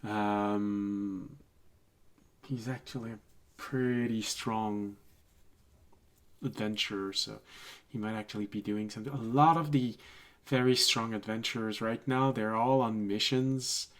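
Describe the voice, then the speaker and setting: A man acting as game master, narrating and speaking for characters, hesitant and full of pauses. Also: lowish voice, steady tone, a bit bright. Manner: hesitant, full of ums and restarts.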